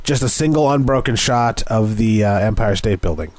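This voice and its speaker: A man's voice: fairly low pitch, normal speed, darkish tone, dry recording. A man co-hosting a film podcast, giving a dry, sarcastic wrap-up in casual chat. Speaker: podcast co-host.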